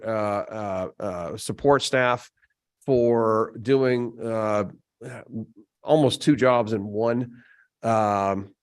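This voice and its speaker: A man runs a legislative committee hearing, moving through bills and votes. He talks in a halting way, stopping on fillers and starting phrases over, with a mid-range pitch. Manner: halting, many fillers and restarts. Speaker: committee chair. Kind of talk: formal committee proceedings.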